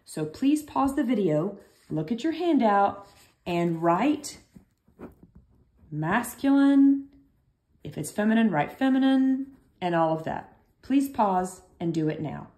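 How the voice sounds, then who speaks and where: A woman's voice: mid-range voice, expressive, measured pace, darkish tone. A woman teaching a recorded French lesson, chatty and reassuring, thinking aloud as she explains.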